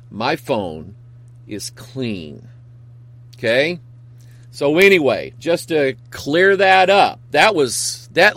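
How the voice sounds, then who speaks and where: A man with a higher voice talks slowly and earnestly as a pastor hosting his talk show. His speech rambles through stories with emphatic turns, and the sound is dry and close. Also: a bit bright, dry recording. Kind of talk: casual talk show monologue.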